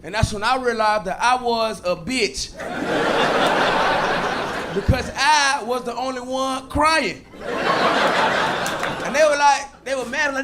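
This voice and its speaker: A man doing a stand-up set on stage, telling stories loudly and animatedly and shouting out other people's lines. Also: very high-pitched, slow, long pauses. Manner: loud, animated storytelling that jumps into shouted voices. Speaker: stand-up comedian. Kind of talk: stand-up set before a live audience. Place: comedy stage with a laughing crowd. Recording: live stage clip with loud crowd noise.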